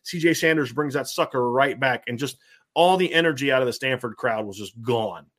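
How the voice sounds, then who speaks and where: A man with a Southern American accent hosts a casual sports podcast. He talks fast and in an animated rush, full of fillers and quick restarts, at an ordinary middle pitch. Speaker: podcast host.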